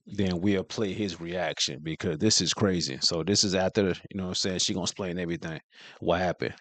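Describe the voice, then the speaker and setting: A man's voice: deep voice, fairly even intonation, fairly quick, a bit bright, dry recording. A man hosting a reaction channel, talking casually with lots of filler phrases between clips. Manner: laid-back, heavy on filler phrases.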